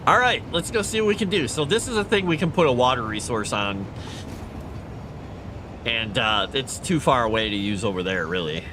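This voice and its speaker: A man's voice: mid-range voice, animated, normal speed, background noise. A man streaming a video game at home in a casual chat, stopping to coo at his cat. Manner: chatty, coos and baby-talks to his cat. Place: home, indoors.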